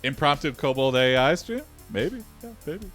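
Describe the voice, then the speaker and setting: Man, live-stream host, animated, slightly high voice, casual chat, laughs often. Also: normal speed, faint music behind.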